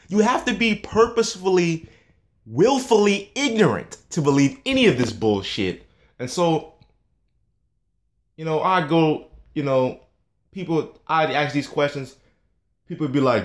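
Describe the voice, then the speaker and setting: A man's voice: fairly high pitch, expressive, unhurried. A man in a casual monologue, ranting in a heated, scornful and profane way.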